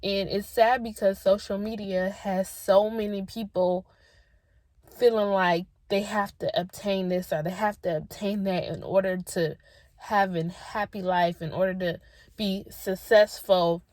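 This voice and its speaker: A woman's voice: medium pitch, steady tone, a little slow, a little mellow, no echo. A young woman talking to her viewers on camera, sharing heartfelt personal advice in an earnest, emotional way. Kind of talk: spontaneous heartfelt talk to camera.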